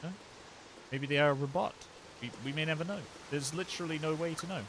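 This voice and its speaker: A man's voice: fairly high pitch, fast talker, background noise. A young man live-streaming a game, chatting casually and joking with his chat. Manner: playful, joking asides to chat. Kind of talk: casual live gameplay commentary. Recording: loud music under the voice. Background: loud game music.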